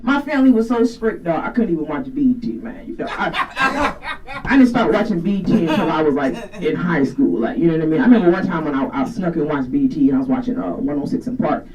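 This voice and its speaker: A woman with a deep voice performing a profane, animated stand-up comedy set in a garage studio. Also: quick pace. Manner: profane, animated storytelling with crowd banter. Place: garage studio with live audience. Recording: distant mic, live crowd laughter.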